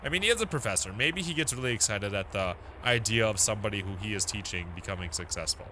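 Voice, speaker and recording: A man's voice: on the low side, expressive, quick pace, pushed and bright, slight background noise, poor audio. A man giving casual let's-play commentary, joking crudely and reacting as he plays. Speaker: gameplay commentator.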